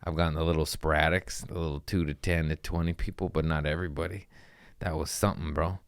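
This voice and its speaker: Low-voiced man telling rambling, profane stories. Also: little pitch movement, fast, clean tone, no echo, clean studio sound. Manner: profane, rambling, says bro a lot. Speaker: comedian and podcast host. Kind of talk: casual podcast storytelling.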